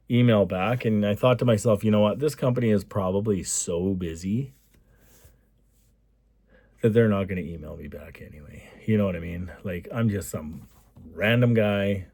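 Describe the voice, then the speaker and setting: A man's voice: fairly low pitch, vocal fry, darkish tone, no echo, studio quality. A man from Alberta, Canada, who owns a construction company, telling a rambling, enthusiastic story in a casual vlog. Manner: rambling and enthusiastic, with repeated asides.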